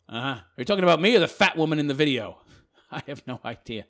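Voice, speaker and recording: A man reads out viewer comments and answers them with sarcastic, mocking replies and frequent laughter. His voice sits high for a man and is gravelly. The delivery leaps around in pitch. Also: expressive, fast talker, a bit bright. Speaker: channel host.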